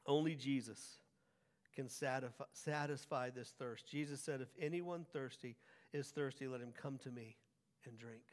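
A man preaching a sermon as pastor, swinging from hushed lines to loud, drawn-out emphasis. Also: medium pitch. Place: church sanctuary. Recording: long church hall reverb.

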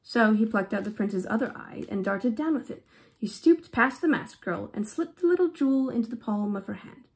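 A woman reads a fairy tale aloud for children in an affected English-style accent, with a slightly high, gravelly voice. She is expressive and stops for quick explanations to young listeners. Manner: expressive, with short explanatory asides. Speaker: storybook reader.

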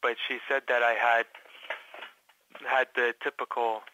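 A man from Canada, a guest in a casual interview, telling his story haltingly with many fillers and restarts. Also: mid-range voice, level tone, bright, forceful tone, a little hiss or hum, low-quality recording. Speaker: patient guest.

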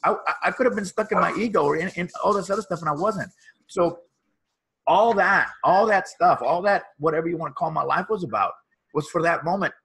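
Husky-voiced man telling a heartfelt story. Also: high-pitched, a little fast, fairly bright tone. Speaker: guest, motivational speaker and author. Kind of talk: personal storytelling in an interview.

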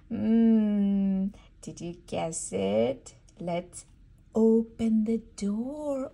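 A woman's voice: fairly high pitch, big pitch swings, drawn-out words, creaky. A woman reading a barn animal book aloud to a toddler, in a sing-song way with animal sounds. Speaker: storybook reader for toddlers. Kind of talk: read-aloud for babies.

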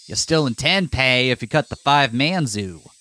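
Dude reading a visual novel out loud for a let's play, dramatic narration then jokey asides, normal mid voice. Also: male voice, medium pitch, lively intonation, takes it slowly. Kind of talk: reading a visual novel aloud with casual commentary.

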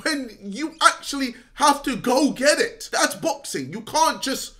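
Guy ranting at the camera, really high animated voice, bright and sharp, fed up and scolding. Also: a little slow. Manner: frustrated, scolding, sometimes shouting, laughs between points. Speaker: YouTuber. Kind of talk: direct-to-camera rant.

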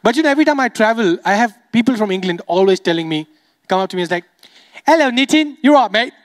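A man's voice: sits high, lively intonation, racing, big-room sound. A man from the Emirates doing stand-up comedy on stage, chatty and teasing, working the crowd. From United Arab Emirates. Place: comedy stage before a live audience.

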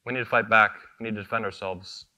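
A man's voice: fairly low pitch, fairly even intonation, quick pace, bright, forceful tone. A man giving a fiery convention keynote speech on stage into a microphone, combative and profane, hammering short repeated phrases. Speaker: keynote speaker, convention founder.

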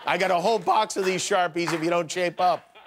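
A man doing a quick impression of a hot-tempered young political aide who blusters out a threat. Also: sits high, very noisy, natural voice. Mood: threatening.

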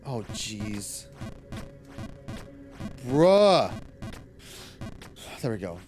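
Lively Irish man streaming, faint music. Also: on the high side, moderate pace. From Ireland. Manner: animated, laughing often, cursing at the game. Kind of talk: casual gaming livestream chat.

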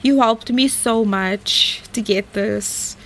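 A young woman streaming a game, talking in a shaky, breathless, excited way. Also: fairly high pitch, slow pace. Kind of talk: live game stream chat. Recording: faint background noise.

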